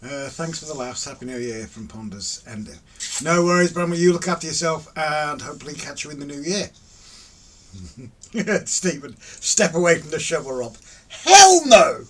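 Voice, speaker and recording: A man's voice: a little high, normal speed, fairly bright tone. Jokey middle-aged man hosting a live stream. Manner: jokey, teasing, laughs often. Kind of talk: casual live stream chat reading comments. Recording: distant mic with faint ambient noise.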